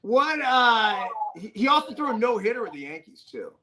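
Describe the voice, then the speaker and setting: A man co-hosting a podcast, telling stories in an animated, profane way and acting out the quotes. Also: extremely high pitch, normal speed. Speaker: podcast co-host, former ballplayer. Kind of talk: casual storytelling chat.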